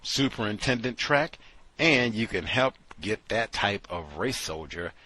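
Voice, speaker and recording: Husky, lively man hosting a commentary show. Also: on the low side, unhurried, low-quality recording. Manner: sardonic, incredulous, swings between mutters and exclaims. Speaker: show host. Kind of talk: talk show commentary monologue.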